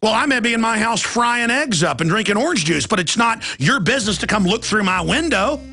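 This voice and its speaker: A man with a high, gravelly voice rants on a talk show. He sounds angry and mocking, and his tone is forceful and raspy. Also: animated, a little fast, faint music behind. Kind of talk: ranting talk-show monologue.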